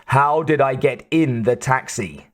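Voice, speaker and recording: A man's voice: mid-range voice, measured pace, lightly acted. A man voicing a dazed, confused male construction worker who speaks with bewildered impatience.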